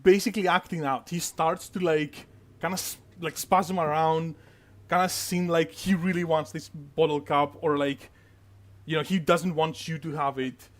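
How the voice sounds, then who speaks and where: A man's voice: on the high side, steady tone, moderate pace. A man narrating as game master, rambling through details with many fillers and asides.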